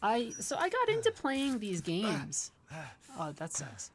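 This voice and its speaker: A woman's voice: mid-range voice, huge pitch swings, takes it slowly. A woman livestreaming a game, giving chatty, wry commentary with rambling asides. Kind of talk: casual gameplay commentary.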